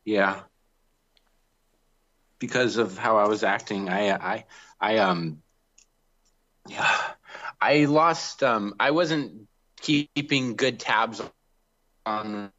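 A man calling in to an advice show, talking hesitantly with many pauses and restarts. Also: fairly low pitch, fairly bright tone. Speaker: caller. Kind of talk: call-in conversation. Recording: dull lo-fi call line.

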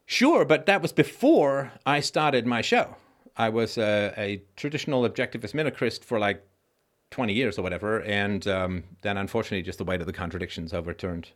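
A man with a somewhat low, expressive, trained voice hosts a live-stream Q&A. He reads viewer comments and answers them conversationally, often stopping to restart his sentences. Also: normal speed. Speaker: host.

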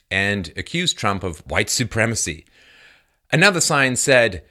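A man's voice: medium pitch, very animated, unhurried, sharp tone. A man delivering an emphatic, sarcastic political commentary monologue.

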